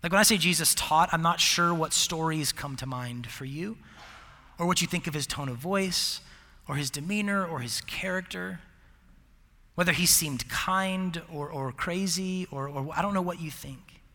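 Young man, sermon, rambling casual delivery, bright tense tone, long hall reverb. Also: a little high, normal speed. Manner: casual, rambling with fillers and restarts, laughs at himself. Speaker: campus ministry preacher. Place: large hall with live audience.

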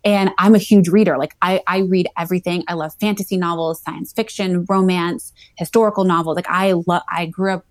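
A woman's voice: fairly low pitch, steady tone, a little fast, hardly any pauses, dry recording. A woman in her thirties, a psychology doctoral student, talking casually as an interview guest with many fillers and restarts. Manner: chatty, frequent "like" fillers and restarts.

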